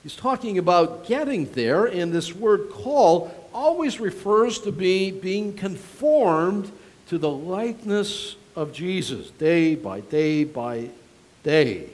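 A middle-aged male pastor giving a conversational sermon, animated and storytelling, with frequent restarts. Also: sits high, slow pace.

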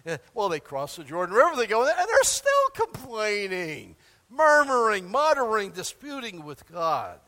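A man delivers a sermon, his voice sitting high and swinging up and down with a lot of energy. He talks casually and often breaks into little acted-out voices for the people in his examples. His words ring out with the long reverb of a large hall. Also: normal speed. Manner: animated, conversational, acts out quoted voices. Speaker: pastor.

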